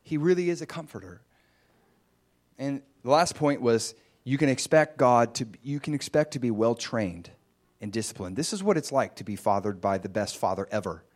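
Male preacher, testimony-style sermon; lively storyteller, spikes high when excited. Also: normal speed. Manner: animated storytelling with sudden high excited bursts.

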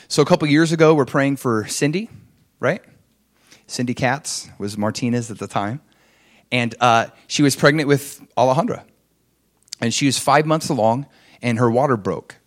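A pastor preaches a conversational sermon, telling stories and asking the congregation questions. He acts out the people in his stories, swinging widely in pitch and loudness.

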